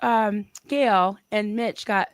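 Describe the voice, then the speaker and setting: A woman co-hosting a live stream in casual chat, bubbly and quick to laugh, reading viewer comments aloud. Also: medium pitch, clear, resonant tone, dry recording. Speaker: livestream co-host.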